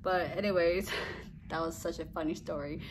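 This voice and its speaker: A woman's voice: on the low side, steady tone, moderate pace, noisy background. A young woman vlogging a casual story, rambling and giggly, often trailing off with "blah, blah, blah.".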